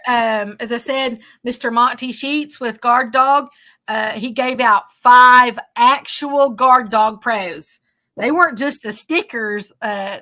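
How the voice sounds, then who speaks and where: A woman, a bit hoarse, hosting a casual livestream and chatting along with many fillers as she thanks viewers. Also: a little high, bright, forceful tone. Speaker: livestream host.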